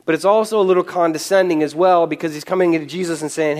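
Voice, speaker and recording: A man preaching in a fairly high voice, teaching through a Bible passage in a loose, conversational way. He is animated and casual, tossing in quick asides and chuckles as he explains. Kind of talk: conversational sermon.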